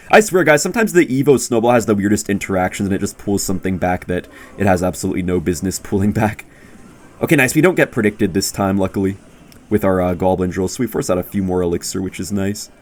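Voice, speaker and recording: A young man giving excitable, jokey live commentary on his own gameplay, talking straight to viewers and yelping when surprised. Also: fast talker. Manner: bursts into loud high-pitched exclamations when surprised. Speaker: gaming YouTuber.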